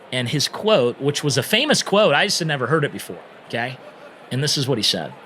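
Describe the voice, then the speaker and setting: A man speaking as a podcast guest, telling his story in an earnest, emphatic, animated way. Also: mid-range voice, slight background noise. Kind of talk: storytelling interview.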